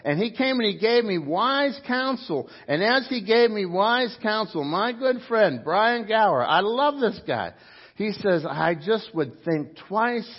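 A middle-aged pastor preaching a sermon in church, swinging between loud, emphatic bursts and quiet asides. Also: male voice, sits high, lively intonation, a little slow, breathy edge, dull audio. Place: church sanctuary before a congregation.

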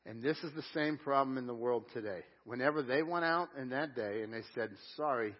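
A man preaching a sermon at a live church service, earnest, slowing down to stress each scripture line. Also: mid-range voice, dull audio. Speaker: pastor.

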